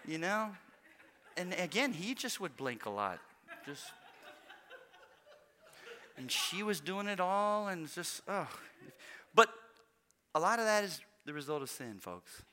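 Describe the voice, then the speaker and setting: Bright-voiced folksy pastor. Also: male voice, a little high. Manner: folksy storytelling with quoted voices and chuckles. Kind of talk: sermon.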